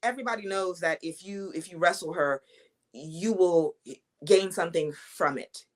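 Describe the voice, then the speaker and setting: A woman's voice: fairly low pitch, normal speed. A young woman, a wrestling champion, talking confidently in a casual interview, trash-talking her opponents between fillers and restarts.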